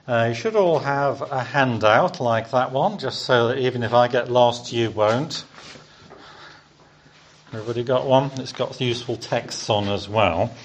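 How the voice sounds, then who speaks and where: A man's voice: medium pitch, a little slow, slight background noise. A man preaching a sermon in a church service, quizzing the congregation and having them repeat words after him. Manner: interactive, asks the congregation questions and leads repetition.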